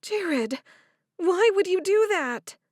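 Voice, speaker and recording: A woman's voice: very high voice, expressive, takes it slowly, no echo, clean studio sound, voice pushed up, heavily acted. A woman voicing a young mother questioning her misbehaving child. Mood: concerned.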